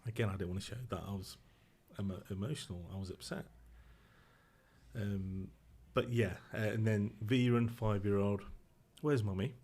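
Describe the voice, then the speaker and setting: Subdued low-voiced man. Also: steady tone, a little mellow. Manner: subdued, emotional, halting with restarts. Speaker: podcast guest. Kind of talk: personal storytelling.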